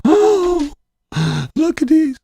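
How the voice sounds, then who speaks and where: A man putting on a mocking impression of a whiny female politician in a high, sing-song voice. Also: drawn-out words, mellow, dry recording, full character voice. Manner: shrill sing-song mockery.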